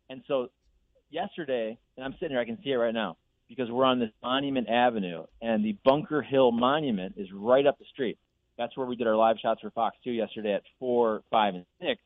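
A man's voice: medium pitch, gravelly, dry recording. A man calling in as a guest, telling stories in casual sports talk, laughing easily. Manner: chatty storyteller, laughs easily. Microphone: phone. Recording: tinny dry phone line.

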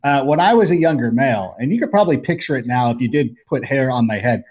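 A man chatting as a podcast guest, telling jokey stories in an animated way. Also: medium pitch, fast, breathy edge. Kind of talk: casual storytelling chat.

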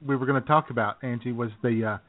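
A man's voice: mid-range voice, fairly even intonation, fast talker. A man co-hosting a casual radio chat, making dry jokes and chuckling. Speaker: podcast co-host. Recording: tinny phone-like audio.

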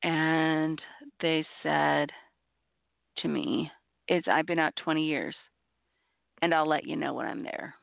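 A middle-aged woman speaks in an earnest, measured way, repeating her key points as she gives advice. Her voice has a gravelly edge. The sound is tinny and dry, like a phone line with no room around it. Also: low-pitched, fairly even intonation, dry recording. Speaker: podcast host on abuse recovery. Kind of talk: reflective advice talk.

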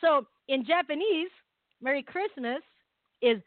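A woman's voice: mid-range voice, expressive, measured pace, dry recording. A woman from the Philippines co-hosting a casual talk radio show, giggling as she tries out holiday greetings. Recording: tinny phone-line sound.

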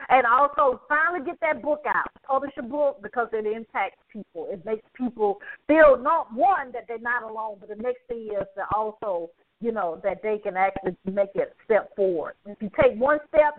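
A woman's voice: a little high, slight background noise. A woman hosting a podcast, effusive and emotional, laughing often as she signs off the show. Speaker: podcast host. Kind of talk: animated show sign-off. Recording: phone-like narrow sound.

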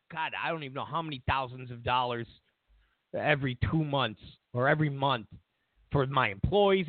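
Male talk host, casual rambling storyteller, very expressive pitch, phone-thin sound. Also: no echo. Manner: animated storytelling with restarts. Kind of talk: casual monologue. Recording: tinny phone-like audio, dry.

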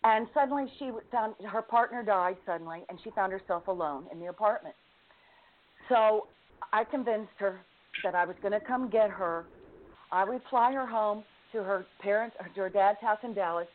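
A woman's voice: medium pitch, normal speed. A middle-aged woman author telling a personal story in an interview, earnest and given to laughing. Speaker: guest author. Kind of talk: interview over the phone. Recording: tinny phone line.

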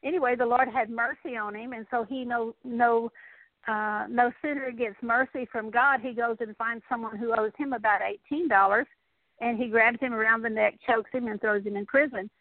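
A woman's voice: fairly high pitch, steady tone, moderate pace, no echo. Woman preaching over a tinny line. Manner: earnest storytelling, paraphrasing scripture. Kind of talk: sermon. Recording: tinny phone-like radio broadcast.

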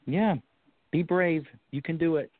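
A man's voice: a little high, unhurried, dry recording. A man hosting a call-in psychic reading show, giving reassuring, coaching advice to callers. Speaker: psychic radio host. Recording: tinny phone-like line, dry.

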